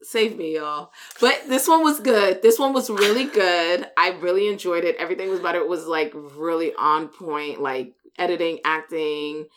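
A young woman co-hosting a casual chat, animated and laughing often as she hypes things up. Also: fairly low pitch, moderate pace, few pauses. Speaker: podcast co-host.

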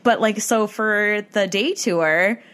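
A woman's voice: medium pitch, takes it slowly, a bit bright. Chatty woman podcast host telling stories. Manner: chatty, many fillers like "like" and "um". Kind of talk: casual storytelling chat.

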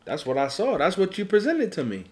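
A man's voice: sits high, huge pitch swings, fairly quick, darkish tone, slight background noise. A man in casual, profane podcast chat, talking bluntly and with emphasis. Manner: blunt, emphatic, swears often.

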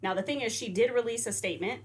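A woman's voice: a little high, fast talker. A woman co-hosting a podcast in casual chat, blunt and profane and laughing often. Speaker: podcast co-host.

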